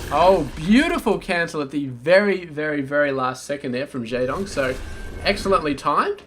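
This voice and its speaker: A man commentates a strategy game match on his own, in a casual, rambling manner full of asides. His voice sits a little on the high side. A steady noise runs behind the recording. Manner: casual, chatty, with filler asides. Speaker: game caster. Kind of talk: solo esports commentary.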